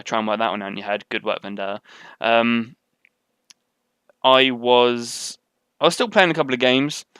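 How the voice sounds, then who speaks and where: Bright-voiced young man rambling over gameplay. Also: medium pitch, clear, resonant tone, no room sound. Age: young adult. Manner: rambling, chatty, with frequent ums and tangents. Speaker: gaming commentator. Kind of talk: live gameplay commentary. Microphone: webcam setup at desk.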